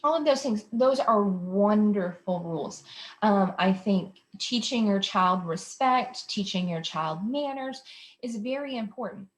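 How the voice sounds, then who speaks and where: Woman explaining parenting strategies. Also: medium pitch. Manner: conversational, explanatory, with frequent fillers. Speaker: behavior specialist host. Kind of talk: instructional talk to parents.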